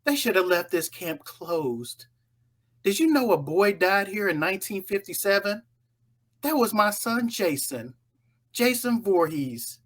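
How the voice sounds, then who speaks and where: A woman voicing a calm, grieving older mother in a casual spoken retelling of a horror film, talking in a low, hushed, unbothered way. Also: a little slow. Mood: mournful.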